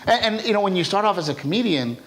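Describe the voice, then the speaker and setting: A man, a stand-up comedian, telling stories in a casual interview, animated and chatty, often tagging his lines with "right?". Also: high-pitched, quick pace.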